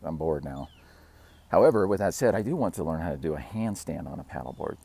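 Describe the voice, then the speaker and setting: Low-pitched and mellow with vocal fry and a breathy edge, this man speaks quickly and expressively. Hosting his fitness channel, he chats casually to the camera, rambling, chuckling at himself, and performing quotes.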